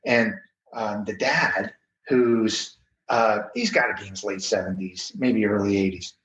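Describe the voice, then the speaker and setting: A man, a guest on an interview show, telling a story in a lively, casual way and acting out the people in it, with lots of "you know"s. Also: on the low side, unhurried. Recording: roomy, slightly dull remote audio with faint noise.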